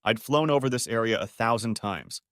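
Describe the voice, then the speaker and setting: A man narrating an audiobook in the first person at a medium pitch. He reads steadily, with a dry, close sound and no room around the voice. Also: normal speed, fairly bright tone, no echo.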